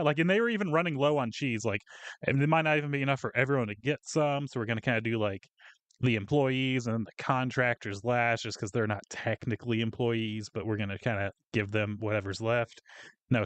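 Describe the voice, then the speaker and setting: A man's voice: medium pitch, fairly quick, a bit bright, no room sound. Profane ranting man, dry sound. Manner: profane, ranting storyteller acting out coworkers. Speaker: podcast co-host. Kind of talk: casual venting chat.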